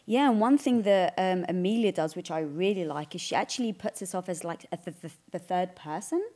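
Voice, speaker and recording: A woman's voice: on the low side, a little fast, dark tone. A woman co-hosting a casual talk show, thinking aloud and asking her guest questions. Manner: talks things through, asks questions. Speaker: co-host. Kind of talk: casual chat.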